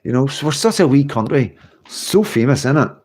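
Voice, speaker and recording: Man in his fifties hosting a home livestream, loose and chatty, reads out comments, quick to laugh. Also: mid-range voice, animated. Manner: chatty, rambling, laughs often. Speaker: livestream host. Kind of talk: casual livestream chat reading comments.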